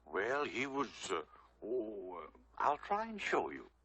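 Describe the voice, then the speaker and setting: A man's voice: lowish voice, slow. Genial man telling a fairy tale. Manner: genial, lively storyteller. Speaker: narrator and ventriloquist. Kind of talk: storytelling for a film. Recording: dull 1940s film soundtrack with music.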